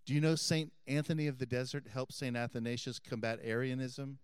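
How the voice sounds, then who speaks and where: A middle-aged man, a Catholic priest, preaching a homily and telling a story earnestly, dropping his voice soft for emphasis. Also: medium pitch, little pitch movement, fairly quick, clear, resonant tone, no room sound, clean studio sound.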